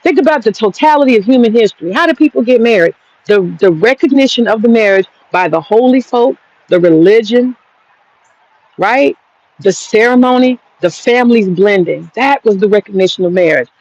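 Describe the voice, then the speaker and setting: A woman in her thirties with a fairly high, darkish voice goes on a heated, profane, casual rant, combatively answering a critic head-on. She's animated at a moderate pace, and the lo-fi recording sounds dull.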